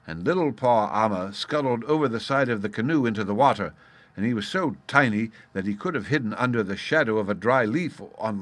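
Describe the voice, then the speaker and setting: A man narrating a children's storybook audiobook in a measured way. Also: on the low side, a bit bright, no echo.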